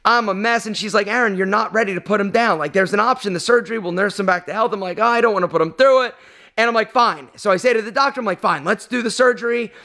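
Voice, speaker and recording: A man's voice: high voice, fast talker, pushed and bright. A man telling a personal story on his vlog, emotional and rambling, with lots of fillers. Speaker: vlog host.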